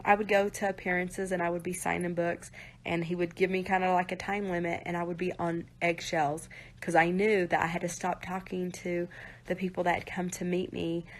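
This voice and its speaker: A woman on a live stream, talking to viewers in an earnest, direct way and often saying "you guys" and "like". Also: fairly low pitch. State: near tears at times.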